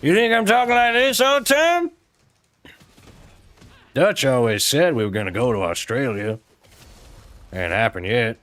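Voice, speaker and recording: A man's voice: medium pitch, big pitch swings, a little slow, pauses often, fairly bright tone, pitched above the performer's own voice. A man putting on a drawling American cowboy outlaw. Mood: mocking. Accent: American Western drawl, put on. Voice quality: drawling, rough country grammar.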